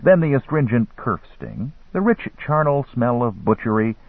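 A man's voice: medium pitch, very animated, normal speed, breathy edge, dry recording. A man narrating an audiobook in a wry storytelling manner, on a dry, phone-like recording. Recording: dry, phone-like narrow sound.

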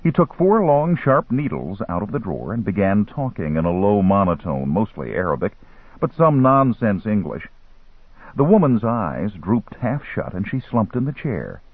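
Brief: low, husky male narrator, very animated pitch, phone-like sound. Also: normal speed, no echo. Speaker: audiobook narrator. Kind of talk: scripted novel narration. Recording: tinny phone-like line, dry.

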